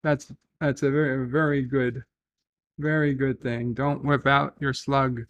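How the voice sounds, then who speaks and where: Gravelly and slow, with a mid-range pitch and flat delivery, this male streamer hosts a casual livestream. He rambles through viewer comments, reading the chat aloud and thinking out loud as he goes.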